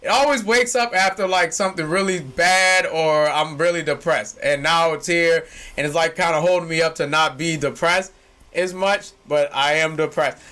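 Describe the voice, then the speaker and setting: A young man, co-hosting a casual chat that swings from low musing to shouting, laughing excitement. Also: normal speed. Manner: excitable, shouts and laughs when hyped, slangy. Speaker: podcast co-host.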